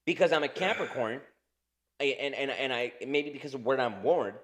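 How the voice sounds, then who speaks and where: A man's voice: medium pitch, lively intonation, normal speed, a bit bright. A man in his thirties co-hosting a podcast in casual chat, rambling, swearing a lot and laughing often. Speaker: podcast co-host.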